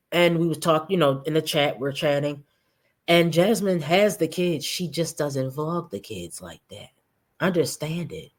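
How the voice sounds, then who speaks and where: A reaction host giving sarcastic commentary on a vlog clip, teasing the people in it and speaking straight to viewers. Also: mid-range voice.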